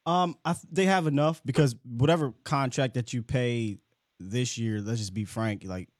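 A man's voice: medium pitch, no echo, studio quality. A man hosting a live fan call-in show, chatting casually and talkatively with callers. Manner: animated, talkative, quick asides.

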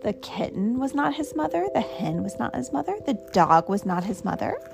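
A woman reading a picture book aloud to her child in an expressive, sing-song storytelling manner. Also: a little high, normal speed, vocal fry, over music.

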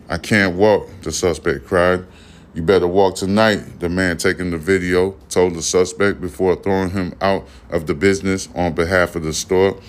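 A man hosting a podcast, reading news stories and riffing on them in a loose, profane, rambling way. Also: low-pitched. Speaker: podcast host. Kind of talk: casual news commentary podcast.

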